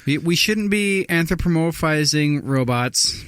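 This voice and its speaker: A man's voice: fairly high pitch, expressive, measured pace, a bit bright, clean tone. A man co-hosting a podcast in casual chat, throwing in sarcastic jokes. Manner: joking, sarcastic quips. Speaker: podcast co-host.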